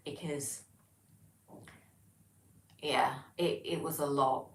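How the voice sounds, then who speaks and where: A woman's voice: low-pitched, fairly even intonation, slow pace, pauses often, roomy sound, far from the mic, a little hiss or hum, low-quality recording. A woman from England with an English accent, hosting a livestream, chatting casually and reading out viewer comments with lots of ums and restarts. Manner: rambling, frequent ums and self-corrections. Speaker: livestream host. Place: home, living alone.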